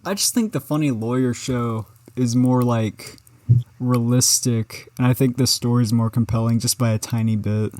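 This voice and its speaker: A teenage podcast co-host chatting casually, hesitant with many fillers and jokingly defensive. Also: male voice, mid-range voice, steady tone, moderate pace, darkish tone. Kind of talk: casual chat.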